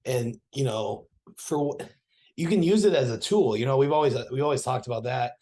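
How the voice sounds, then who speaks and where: A man's voice: medium pitch, brisk, mellow. A man with an American accent, a podcast guest talking frankly and loosely, with many fillers. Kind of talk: casual chat.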